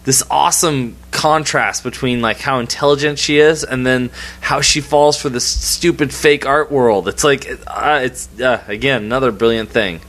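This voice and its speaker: An excitable man co-hosting a relaxed film-discussion podcast. His voice sits at an ordinary middle pitch, and he gushes freely, breaking into laughter as he goes. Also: moderate pace, few pauses. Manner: excitable, laughs often, gushing. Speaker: podcast co-host.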